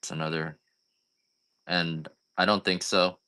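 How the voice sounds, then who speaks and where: A deep-voiced man sells coffee on a live stream, loose and casual, with a bright, forceful but fairly flat tone. He talks a little slowly on a clean recording and keeps drifting into rambling, joking rants.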